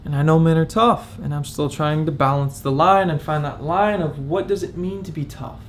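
Candid and reflective, a vlogger in his twenties shares something personal, speaking as though on the verge of tears. His voice is a little high, his pace moderate, and faint hiss or hum sits under the audio.

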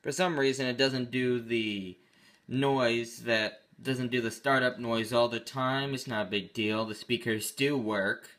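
A man with a bright, clear voice talks casually through a computer demo. He rambles a little and often stops to correct himself mid-sentence. He sounds offhand and unpolished, like a hobbyist host. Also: medium pitch, steady tone, a little slow. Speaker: tech channel host. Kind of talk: casual screen-recorded tech walkthrough.

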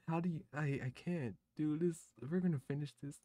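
A young man hosting a reaction video in a casual, animated way, with frequent outbursts and a lot of "dude". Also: on the high side, fairly quick, hardly any pauses, no echo. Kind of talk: excited casual reaction commentary.

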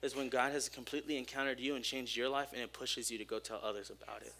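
Young man, bright voice, casual church sermon, lively and joking, open and personal. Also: mid-range voice, fast talker, gravelly. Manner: energetic, joking, openly personal. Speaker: church speaker. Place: church service.

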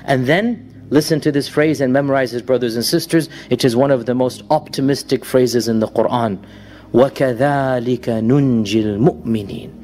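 Male preacher with a higher voice: dramatic sermon storytelling, shifts from raised to low solemn tones, quick verse recitation. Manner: recites Arabic verses fast.

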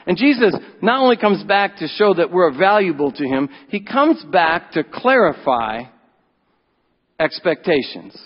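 Male pastor, fairly high voice, emphatic Easter sermon with big swings from loud to hushed; dull recording in a church with a long echo. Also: very animated, unhurried. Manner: emphatic preaching, swings between loud rises and quiet drops. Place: church sanctuary.

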